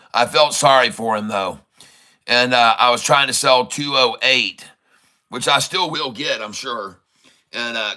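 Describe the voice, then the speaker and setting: A man hosting a casual live day-trading stream, hoarse from losing his voice, teasing and greeting his viewers with frequent chuckles. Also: medium pitch, pushed and bright, low-quality recording. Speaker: day-trading livestream host.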